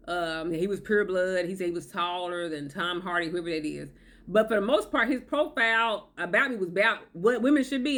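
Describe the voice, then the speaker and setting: Brief: woman vlogger, emphatic, repeats herself, talks straight to the viewer, mid pitch. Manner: emphatic, repetitive, checks in with "okay?". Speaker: relationship advice vlogger. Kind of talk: direct-to-camera advice talk.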